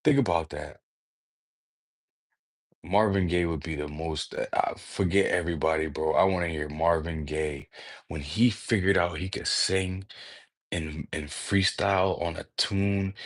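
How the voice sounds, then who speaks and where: A man hosting a livestream, talking in a rambling, excitable way, full of slang and swearing, often breaking off mid-word. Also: sits low. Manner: excitable, profane, slangy, peppers speech with "bro"; jumps between thoughts, trails off mid-word. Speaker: livestream host. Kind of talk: casual rambling livestream talk.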